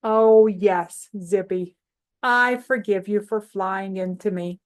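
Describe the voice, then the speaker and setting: A woman voicing a patient friend who gently reassures Zippy in a children's lesson. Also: medium pitch, slow pace, natural voice. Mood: reassuring.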